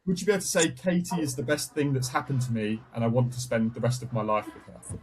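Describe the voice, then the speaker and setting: A man interviewing a guest, halting and restarting his questions. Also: mid-range voice, expressive, slight background noise, low-quality recording.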